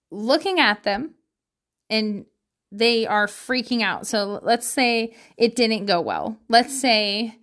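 A woman talking casually at home to her viewers about parenting, candid and swearing freely, with frequent laughter. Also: fairly high pitch. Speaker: parent sharing parenting advice.

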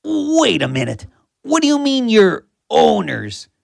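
Voiced by a woman, this is a cold and hungry male wolf from a bedtime story, with a gravelly, rough edge to his voice. He talks slowly, and his pitch rises and falls a lot. The sound is close and dry. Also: huge pitch swings, darkish tone, no echo, full character voice. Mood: puzzled.

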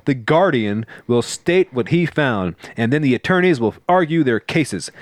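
A mother pleading her case in a custody battle, read out by a man. She speaks slowly and earnestly, with a lively rise and fall in her voice. The sound is dry and close. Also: medium pitch, no room sound. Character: divorced mother in a custody fight, woman. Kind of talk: comedic script reading.

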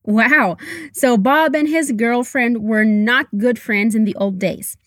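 A woman teaching English, leading slow repeat-after-me drills and coaching pronunciation in a careful, encouraging way. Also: on the high side, no echo, studio quality.

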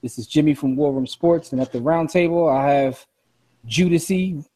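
A man's voice: fairly high pitch, normal speed, warm tone, rough recording. A man hosting a casual podcast round table and introducing his guests in a laid-back way. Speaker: podcast host. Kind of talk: casual chat.

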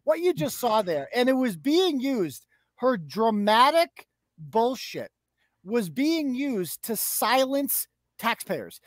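A woman's voice: fairly high pitch, big pitch swings, slow pace, no room sound. A woman co-hosting a live talk show, giving heated, profane and mocking commentary. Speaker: co-host.

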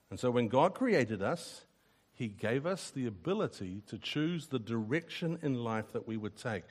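A man preaching a sermon, earnest and emphatic, often repeating a word as he starts a sentence. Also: fairly high pitch. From New Zealand.

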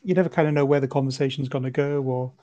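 A man hosting a podcast, asking open questions in a relaxed, informal chat. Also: mid-range voice, racing, no echo, highs cut off. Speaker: podcast host. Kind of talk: casual interview chat.

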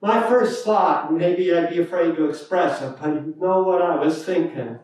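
A male pastor preaching a sermon in a church sanctuary, deliberate and emphatic, repeating key phrases. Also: fairly high pitch, darkish tone. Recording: echoey room, mic at a distance.

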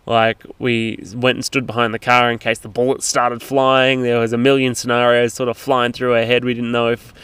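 A man narrates a road trip story in a loose, rambling way, with plenty of fillers and restarts. His voice is very smooth and crisp. The recording is dry and close, with no room sound. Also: medium pitch, monotone, moderate pace, few pauses, a bit bright, no echo. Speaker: travel vlogger.

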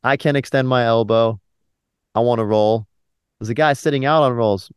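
Podcast guy telling a gym story, smooth clear voice, dry close sound, jumps way up when he quotes people. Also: normal speed, dry recording. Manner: swearing, acts out quotes with loud high jumps. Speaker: podcast co-host. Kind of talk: casual chat, animated storytelling.

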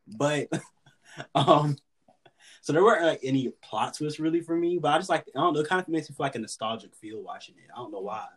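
A man's voice: fairly high pitch, lively intonation, brisk. A man co-hosting a podcast who talks casually and teases his friends, laughing often. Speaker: podcast co-host. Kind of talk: casual chat.

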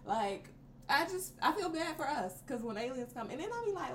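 A woman co-hosting a casual podcast chat, animated and profane, often slipping into playful voices. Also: high-pitched, a little fast, slight background noise. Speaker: podcast co-host. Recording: roomy echo, set back from mic, faint ambience.

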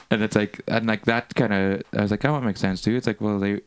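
A man's voice: lowish voice, fairly even intonation, fairly quick, smooth. A young Irish man co-hosting a podcast, chatting casually with lots of fillers, swearing and laughter. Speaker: podcast co-host. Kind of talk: casual chat.

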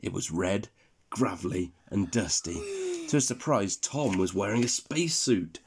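A man reading a bedtime story aloud, expressive and playful. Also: lowish voice, normal speed, background noise.

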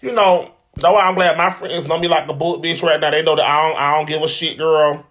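A man dishes out sassy, profane gossip in a casual vlog, his voice sitting high for a man. The tone is bright and sharp, and he sounds dramatic and opinionated throughout. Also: fairly even intonation, fairly quick. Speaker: vlogger. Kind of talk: casual reality-TV commentary.

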